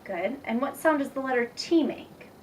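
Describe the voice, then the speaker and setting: A young woman teacher demonstrating a reading lesson, patient and encouraging, speaking slowly and clearly. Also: high voice, lively intonation. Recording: distant mic with faint background noise.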